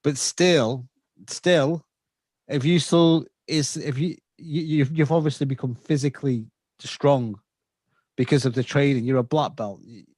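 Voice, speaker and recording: A man's voice: medium pitch, a little slow, a little mellow, no echo, studio quality. A man hosting a podcast interview, talking enthusiastically and stumbling over repeated words. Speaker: podcast host. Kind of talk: interview conversation.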